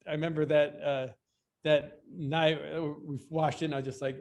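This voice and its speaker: He's a BMX rider talking as a podcast guest, telling long stories casually with plenty of restarts and filler words. The voice is slightly high and darkish, level in tone and a little fast.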